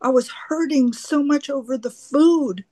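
A woman sharing her recovery story at a twelve-step meeting, halting and earnest, often repeating her words. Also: sits high, mellow, dry recording. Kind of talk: personal recovery share.

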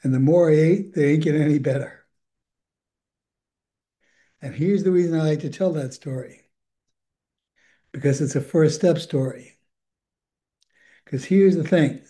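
Older man with a very dark, mellow voice. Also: a little high, unhurried, long pauses. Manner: candid, rambling, chuckles often. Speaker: recovery program speaker. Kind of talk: personal recovery share.

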